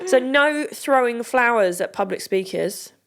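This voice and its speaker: A woman's voice: fairly high pitch, lively intonation, unhurried. British woman, podcast co-host, casual delivery, laid-back banter. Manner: chatty, reads out items and jokes along.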